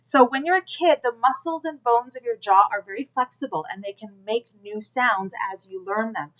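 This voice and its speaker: A woman's voice: a little high, moderate pace, fairly bright tone, lo-fi sound. A woman instructor giving a recorded class lecture, talking straight to students and coaching them through exercises. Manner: direct, coaching, demonstrates projection aloud. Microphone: camera mic.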